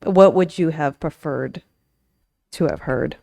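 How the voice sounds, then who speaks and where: A woman hosts a podcast conversation, her voice sitting a little low for a woman. She reacts with frank empathy and doesn't shy from blunt words. Her questions come in a relaxed, conversational tone. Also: takes it slowly, gravelly. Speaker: podcast host. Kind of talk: casual interview.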